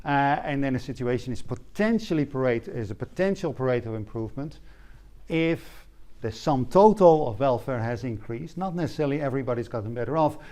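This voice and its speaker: A male economics lecturer giving a university lecture, filling pauses with "uh", asking "right?" to check understanding, often clearing his throat, with dry humor. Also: mid-range voice, animated, warm tone.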